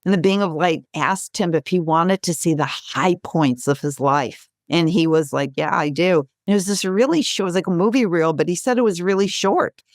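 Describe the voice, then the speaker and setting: A woman in her sixties, a guest author, telling a lively story in a podcast interview and acting out the quotes. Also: on the low side, brisk, hardly any pauses, no echo, clean studio sound. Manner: lively, animated storyteller who acts out quotes.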